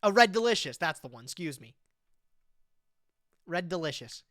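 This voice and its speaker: Streamer in their twenties, casual live chat, reads text aloud and riffs on it, very animated pitch. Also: moderate pace, dry recording, clean studio sound. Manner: animated, slangy, says "bro" often.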